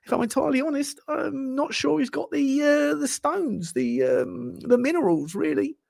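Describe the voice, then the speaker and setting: A soft-spoken older football pundit, as a man imitates him, halting through ums and unfinished thoughts. The voice sits up high and lilts, quieter than the man's usual shouting. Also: lively intonation, creaky, exaggerated voice. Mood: hesitant. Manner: halting, full of ums and trailing words.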